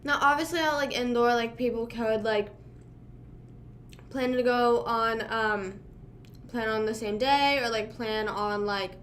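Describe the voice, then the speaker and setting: A young woman streamer from Pennsylvania rambles through a casual livestream chat. Her voice sits a little above the usual pitch, she packs her sentences with "like" and "you know what I mean," and now and then she talks through a mouthful of food. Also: measured pace, a bit bright, slight background noise. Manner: talking while chewing food.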